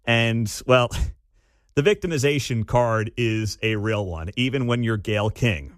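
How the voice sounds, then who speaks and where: A man's voice: mid-range voice, unhurried, dry recording, studio quality. A man hosting talk radio, ranting sarcastically and mocking a clip he plays. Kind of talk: opinionated talk radio commentary.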